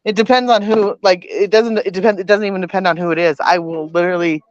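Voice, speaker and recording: A woman's voice: medium pitch, fairly even intonation, fast talker, lo-fi sound. A woman guest telling her story in casual chat, rambling with many false starts.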